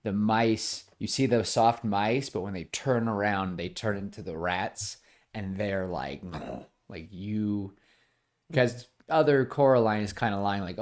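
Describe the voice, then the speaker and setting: A man co-hosting a podcast in casual chat, animated, with frequent "like" fillers and acted-out scenes. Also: on the low side. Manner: animated, acts out scenes with quick voices. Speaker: podcast co-host. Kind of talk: casual pitch-meeting chat.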